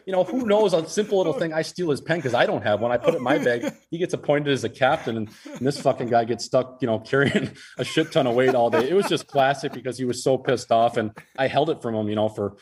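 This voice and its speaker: A man's voice: medium pitch, lively intonation, quick pace, hardly any pauses, crowd noise. A young man in his twenties, a podcast guest, telling a long story in casual, rambling chat, swearing freely. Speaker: podcast guest, hockey player.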